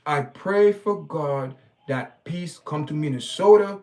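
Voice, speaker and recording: A man's voice: on the high side, slow, darkish tone. A man hosting his own stream, giving preachy, emphatic commentary full of repeated words and restarts. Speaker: channel host. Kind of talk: opinionated commentary livestream.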